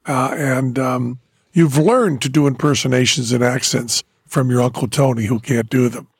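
A man's voice: mid-range voice, fairly even intonation, normal speed, vocal fry, breathy edge, dry recording, clean studio sound. An older man hosting a casual chat, rambling and teasing his daughter. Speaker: podcast host.

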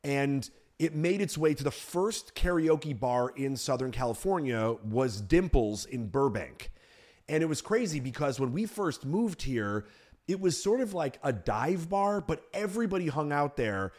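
A man hosting a casual comedy podcast, joking and slipping into quick character voices. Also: fairly high pitch, expressive, a little mellow. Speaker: podcast host.

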